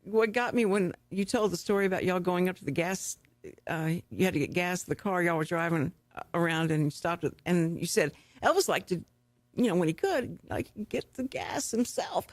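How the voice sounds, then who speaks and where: A woman's voice: on the low side, expressive, no echo. A woman hosting a radio talk show, reacting eagerly to her guest. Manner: enthusiastic, quick to react. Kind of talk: casual interview chat.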